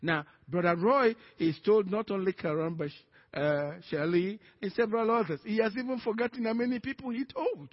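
Male pastor, Nigerian accent, husky, lifts his voice high as he preaches; muffled lo-fi church recording. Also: moderate pace, in a large hall. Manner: animated preaching, acting out quoted dialogue. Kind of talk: sermon. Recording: dull lo-fi sermon recording.

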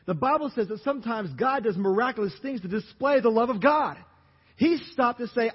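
High, husky preaching man from Louisiana. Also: a little fast. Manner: animated, asks the congregation questions. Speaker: pastor. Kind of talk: sermon. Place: church sanctuary. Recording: dull audio, long hall reverb.

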